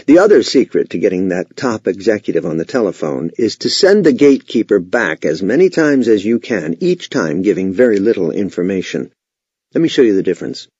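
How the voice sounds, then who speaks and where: A male sales trainer narrating a lesson with emphatic authority. His voice is low, mellow and slightly husky, with lively swings in pitch. The recording is dry and a little dull, like a lo-fi voice-over. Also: no echo. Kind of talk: scripted instructional narration.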